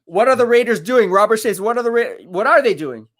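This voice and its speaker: A man hosting a live stream, giving casual commentary, boastful and laughing often, with quick bursts of excitement. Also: high-pitched, no echo, studio quality.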